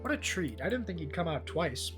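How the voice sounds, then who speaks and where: A man's voice: a little high, expressive, normal speed, over music. A man streaming a game with casual, profane, rambling commentary, easily delighted by small things.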